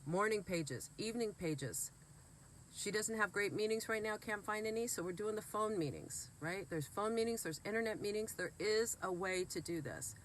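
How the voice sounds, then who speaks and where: A sick, emotional woman vlogger speaks earnestly and bluntly straight to her viewers in a heartfelt direct-to-camera talk. Her voice is medium-pitched at normal speed, with slight background noise.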